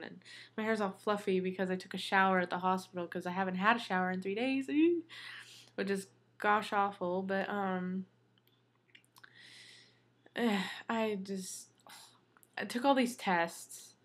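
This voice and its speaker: A woman's voice: medium pitch, a bit bright. Chatty woman venting to her viewers. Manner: chatty, venting, many fillers. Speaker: vlogger. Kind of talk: casual chat to viewers.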